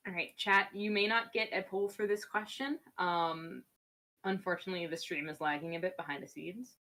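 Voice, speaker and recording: A woman runs a livestream trivia game, reading out questions in a fairly low voice. She sounds upbeat and a little scatterbrained as she juggles the game. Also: fairly even intonation, moderate pace, bright, forceful tone. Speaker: game show host.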